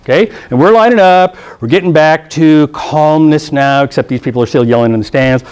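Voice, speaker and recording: Man, middle-aged, football rules instructor, blunt, joking, fairly high voice. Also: a little fast, darkish tone, clean tone. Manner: blunt, joking, often checks in with "okay?"; acts out coaches' lines in funny voices. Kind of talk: classroom rules lecture with anecdotes. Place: meeting room.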